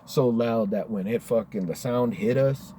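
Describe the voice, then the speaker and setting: A man's voice: medium pitch, normal speed, mellow, a little hiss or hum. A man telling a spooky story in a casual, profane, laid-back way, dropping "dude" often.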